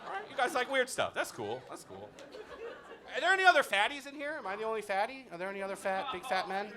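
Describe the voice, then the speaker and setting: A man's voice: high voice, racing. A man doing a stand-up comedy set in a comedy club, talking with the crowd and acting mock-indignant. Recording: live club audience laughter.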